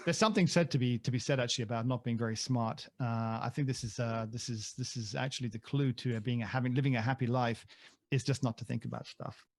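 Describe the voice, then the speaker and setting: A man co-hosts a podcast in casual chat, speaking fast in a mid-range voice with a steady tone. He rambles and jokes, often at his own expense.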